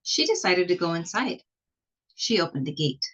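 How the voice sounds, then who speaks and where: A woman with a husky, fairly low voice reads a children's picture book aloud. She tells it slowly and expressively, leaning into the scary parts. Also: muffled recording. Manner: expressive, slow storytelling. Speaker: storybook reader.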